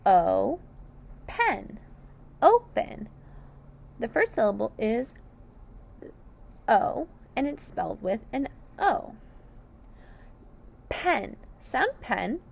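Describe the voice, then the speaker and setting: A woman teaching phonics to young children, sounding out each word slowly and clearly, syllable by syllable. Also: a little high. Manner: slow and over-enunciated, sounding out syllables. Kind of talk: slow, deliberate phonics lesson for children.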